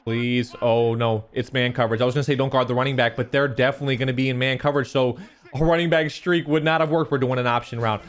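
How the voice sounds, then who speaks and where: A young man giving live commentary on his own football video game, animated and chatty with viewers. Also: mid-range voice, fairly quick. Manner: excitable, shouts and laughs at big plays, talks to viewers; animated, talks with his hands.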